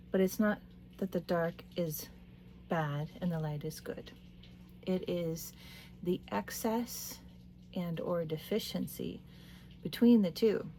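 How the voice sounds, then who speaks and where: A woman in her late thirties giving a tarot reading, talking in a meandering, soft-spoken way with little laughs. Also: on the low side, slight background noise. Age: late 30s. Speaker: tarot reader. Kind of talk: casual spiritual talk to camera.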